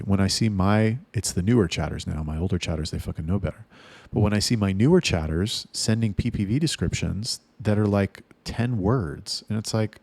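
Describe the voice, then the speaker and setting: A man's voice: lowish voice, vocal fry, darkish tone, no room sound. A man coaching his sales staff in a casual monologue, blunt and profane, rambling with restarts. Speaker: sales trainer for chat staff.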